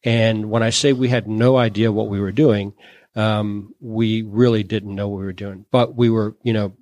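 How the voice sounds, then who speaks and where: A man's voice: on the low side, fairly even intonation, moderate pace, darkish tone, no echo, studio quality. A man from Louisiana, a guest on an interview show, telling his business story in a chatty, anecdotal way with many "you know"s and "um"s. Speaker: guest, solar entrepreneur.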